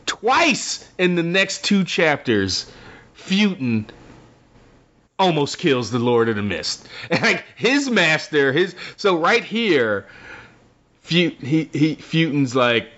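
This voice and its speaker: Animated man recapping a story, lo-fi. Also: fairly high pitch, slow. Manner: animated retelling, acts out characters' lines. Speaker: podcast co-host recapping a book. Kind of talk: casual chat. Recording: dull lo-fi audio.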